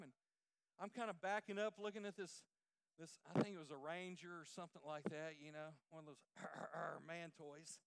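A man preaching a sermon through folksy, emphatic, animated stories. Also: high voice, smooth, no echo. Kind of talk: storytelling sermon.

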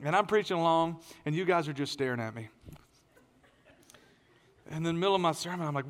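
A middle-aged male pastor delivering a sermon in a church auditorium, his voice sitting a little high for a man. He tells stories with animated energy, jumping into louder, higher bursts. A long hall reverb trails after his words. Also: quick pace.

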